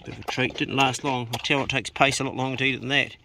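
A man with a New Zealand accent films his homesteading vlog on the beach, chatting casually and speaking warmly to his dog. His mid-range voice is steady and very fast, with vocal fry, and there's background noise.

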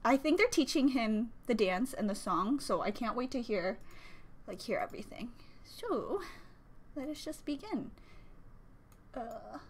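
A woman reacting to a music video, with excitable, gushing exclamations and a little out of breath. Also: on the high side, measured pace, pauses often, slight background noise. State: slightly out of breath. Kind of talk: casual reaction commentary. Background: music video playing.

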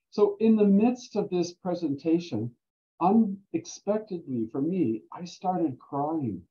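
An older Canadian man, a guest speaker and volunteer standardized patient, tells stories casually, animated and quick to laugh. His voice is fairly high, and the recording sounds dull and lo-fi.

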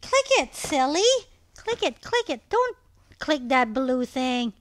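A woman in her thirties playing a video game with her child, giving animated, exclamation-filled commentary. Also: high voice, takes it slowly. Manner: animated, frequently exclaiming and calling for help. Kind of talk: excited gameplay commentary.

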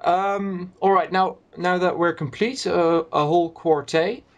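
A man's voice: high voice, steady tone, a little slow, muffled recording. Hesitant man moderating a podcast call. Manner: hesitant, many fillers and restarts. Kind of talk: casual group call chat.

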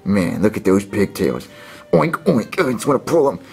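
A man's voice: fairly low pitch, big pitch swings, moderate pace, gravelly, darkish tone, slightly rough, soft background music, exaggerated voice. A man voicing a rude, mocking bratty schoolboy.

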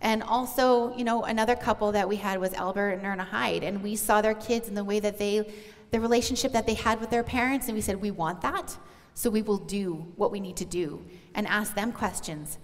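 A woman's voice: mid-range voice, steady tone, brisk. Earnest middle-aged woman in a reverberant church. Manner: earnest, heartfelt, addressing moms directly. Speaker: pastor's wife sharing on stage. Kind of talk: conversational sermon. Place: church auditorium. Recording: long church hall reverb.

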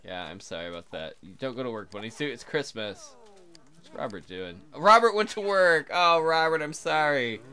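A man's voice: fairly low pitch, animated, normal speed, sharp tone. A man hosting a casual let's play, joking crudely and chatting to the characters on screen as he plays. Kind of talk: casual game commentary.

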